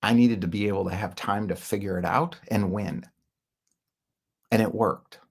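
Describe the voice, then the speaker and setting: A middle-aged man talks through his own story in a loose, candid monologue, full of fillers and asides. His voice sits fairly low, with a gravelly, husky edge to it. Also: fairly even intonation, normal speed. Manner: rambling and candid, with filler words and short laughs. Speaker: founder telling his business story. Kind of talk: casual monologue.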